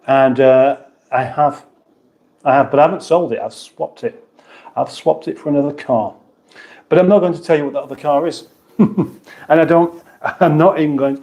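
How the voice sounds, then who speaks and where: A man's voice: mid-range voice, a little mellow. A British man hosting a casual livestream, reading viewers' comments aloud and answering them with dry, rambling banter. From United Kingdom. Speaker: livestream host.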